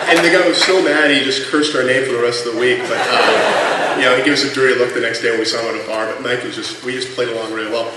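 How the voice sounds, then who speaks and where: A man's voice: mid-range voice, quick pace. A man in his thirties sharing anecdotes as a former colleague at a tribute panel, chatty and full of fillers. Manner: chatty, lots of fillers, laughs through the punchlines. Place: large convention hall. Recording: echoey hall from far off, noisy room.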